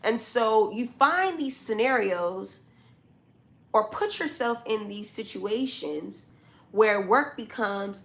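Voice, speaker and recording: Speaking slowly in a slightly high, animated voice, a female tarot reader delivers a zodiac reading to camera. She talks straight at the viewer, bluntly scolding, repeating herself and using casual slang.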